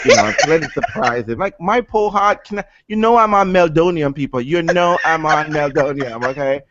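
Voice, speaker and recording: A man's voice: sits high, animated, fairly quick, hardly any pauses, lo-fi sound, very noisy. A man co-hosting a podcast, chatting casually and telling stories with playful, dramatic asides. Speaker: podcast co-host. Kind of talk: casual chat.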